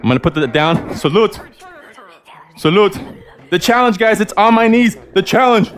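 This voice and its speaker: A man hosting a live-streamed game, excitable and playful with loud exclamations. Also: sits high, moderate pace. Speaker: gameplay host.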